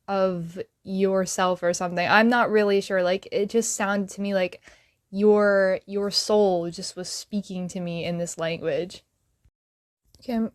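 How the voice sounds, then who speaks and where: A woman's voice: mid-range voice, darkish tone. A woman chatting casually about a dream, rambling with many fillers and laughing often. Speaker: friend sharing a dream. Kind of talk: casual emotional chat.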